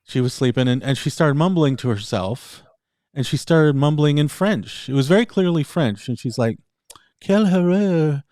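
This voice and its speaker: A man's voice: mid-range voice, expressive, normal speed, a little mellow, dry recording, studio quality. A man in casual chat, telling a story in a rambling way, often laughing and slipping into other voices. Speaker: podcast co-host.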